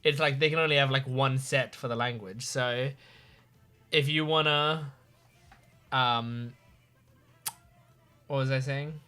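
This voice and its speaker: A man's voice: medium pitch, fairly even intonation, slow, long pauses, pushed and bright, smooth. A man hosting an anime reaction video, chatting casually, rambling and correcting himself, hiccuping as he talks. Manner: rambling, self-correcting, laughs often.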